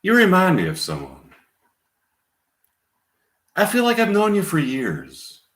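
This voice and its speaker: A man putting on a middle-aged woman who speaks gently and earnestly to a job candidate. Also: sits high, huge pitch swings, measured pace, pitched above the performer's own voice, exaggerated voice. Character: warm middle-aged woman interviewing someone. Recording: roomy echo.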